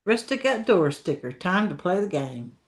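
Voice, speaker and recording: A woman's voice: on the low side, big pitch swings, normal speed. A middle-aged woman hosting a casual late-night stream chat, laid-back and chuckling with her friends. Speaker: stream host.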